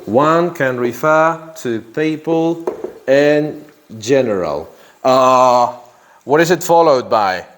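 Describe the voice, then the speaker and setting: A man's voice: mid-range voice, lively intonation, takes it slowly, a little hiss or hum. A man teaching an English grammar lesson to a class, who repeats key phrases and often checks in with "yeah?".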